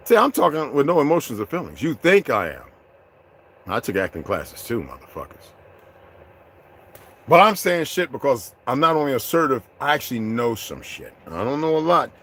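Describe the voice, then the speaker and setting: A man ranting to his viewers in an unscripted, confrontational, profane way, dropping to low mutters and rising to loud outbursts. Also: a little hiss or hum. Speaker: vlogger addressing his viewers. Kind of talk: unscripted rant to camera.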